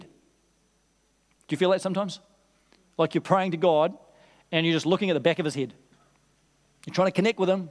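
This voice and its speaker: A man's voice: high voice, normal speed, pauses often, darkish tone, big-room sound. A man preaching a sermon as pastor, earnest and conversational, often turning to ask the congregation questions.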